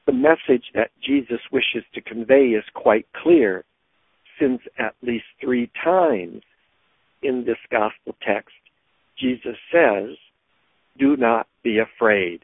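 A man preaching a sermon in a slow, measured way, stressing key words with sudden rises. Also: medium pitch, expressive, breathy edge, no echo. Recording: tinny phone-like sound.

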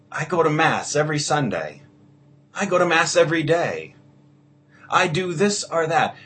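A man preaching a homily in a slow, earnest way. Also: fairly high pitch, a bit bright, husky. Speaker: priest.

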